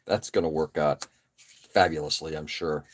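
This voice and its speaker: A man's voice: a bass voice, normal speed, a little hiss or hum. Laid-back man chatting while building models. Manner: relaxed, rambling, frequent uh fillers and self-deprecating asides. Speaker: live stream host building model kits. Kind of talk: casual chat while working.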